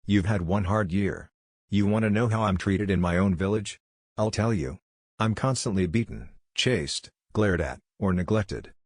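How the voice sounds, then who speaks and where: A man's voice: lowish voice, a little slow, no room sound, studio quality. A man voicing a brash young male ninja with a blunt, cutting way of talking. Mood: cold.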